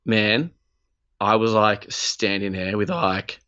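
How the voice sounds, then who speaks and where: A young Australian man co-hosting a podcast, telling a story in animated, sweary casual chat and acting out the quotes. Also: fairly low pitch, slow, smooth, highs cut off. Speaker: podcast co-host.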